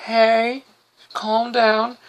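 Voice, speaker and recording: A man voicing a heroic grown woman with a calm, commanding falsetto in a comic retelling. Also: drawn-out words, gravelly, clean tone, heavily acted. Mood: gentle, firm.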